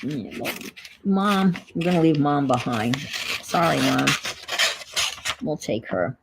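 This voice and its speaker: Slow gravelly New England woman. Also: low voice, expressive, noisy background. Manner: chatty, reminiscing, reading viewer comments aloud. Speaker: livestream host. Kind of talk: casual livestream chat.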